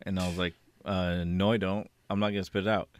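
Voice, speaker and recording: A man's voice: sits low, level tone, brisk. A man casually telling a rambling, amused story on a podcast, acting out what people said. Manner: rambling, amused, acts out quoted lines. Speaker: podcast co-host.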